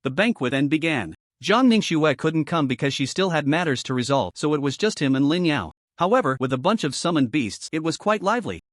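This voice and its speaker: Animated man narrating a story. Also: a little high, a little fast, hardly any pauses, no room sound, clean studio sound. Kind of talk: scripted narration.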